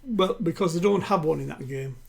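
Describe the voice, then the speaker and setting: Man, home quiz host, chatty, gravelly voice, repeats questions slowly. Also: fairly high pitch, darkish tone. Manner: chatty, reads each question twice, slowly. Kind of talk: live-streamed home quiz hosting. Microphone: home streaming setup.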